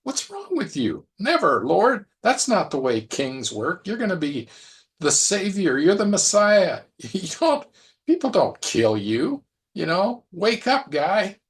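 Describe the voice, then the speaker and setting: A man voicing a brash, overconfident male disciple who scolds loudly and boasts of his loyalty. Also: mid-range voice, very animated, fairly quick, vocal fry. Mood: scolding.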